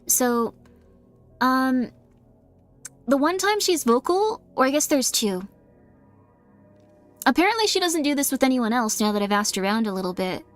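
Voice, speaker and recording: A woman's voice: high-pitched, sing-song, moderate pace, long pauses, soft background music. A woman streamer chatting casually with her viewers in a rambling way, with many fillers and frequent laughs.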